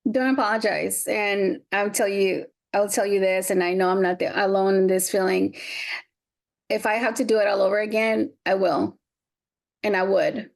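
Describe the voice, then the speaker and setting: A woman's voice: mid-range voice, steady tone, moderate pace, gravelly. A woman from Mexico, a guest on an interview podcast, speaking earnestly and resolutely. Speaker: guest, veterans' advocate.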